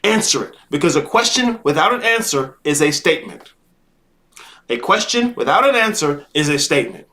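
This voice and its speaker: A man with a high, lively voice delivers a live-stream motivational monologue. He hammers his points with repetition, swearing and sermon-like emphasis, leaping all over his range as he coaches. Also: moderate pace. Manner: emphatic, repetitive and profane, preachy. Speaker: life coach host.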